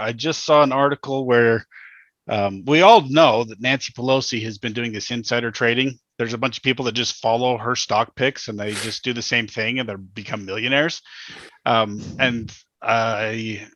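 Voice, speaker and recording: A blunt, rambling man in his thirties co-hosts a casual podcast. His voice is bright and forceful, recorded dry and a little dull. He tells stories with frequent restarts. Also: medium pitch, dry recording. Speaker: podcast co-host. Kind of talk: casual chat.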